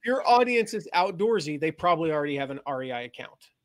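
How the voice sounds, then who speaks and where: Man, fairly high voice, casual webinar host, rambling, filler-heavy. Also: big pitch swings, fast.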